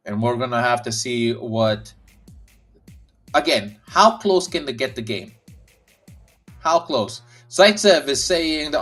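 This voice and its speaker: A man's voice: mid-range voice, fairly bright tone. A man hosting a live basketball watch-along stream, calling the action casually and reading viewer comments aloud. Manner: chatty, reads viewer comments aloud, frequent restarts. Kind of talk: casual play-by-play and chat reading.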